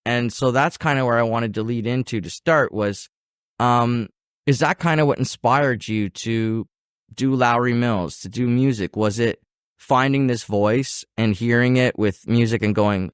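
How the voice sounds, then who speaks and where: A man with an Ottawa Valley country twang hosting a podcast, a chatty storyteller who talks to his listeners in a casual, animated way. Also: mid-range voice, unhurried, clear, resonant tone, no room sound, clean studio sound. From Ottawa Valley region, Canada. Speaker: podcast host. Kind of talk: casual interview chat.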